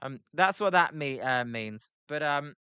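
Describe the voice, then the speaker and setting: Bright, clear-voiced British man streaming. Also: a little high, lively intonation, measured pace, no room sound. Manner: filler-heavy, reads chat messages aloud between play calls. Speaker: livestream host. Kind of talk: casual live watch-along chat.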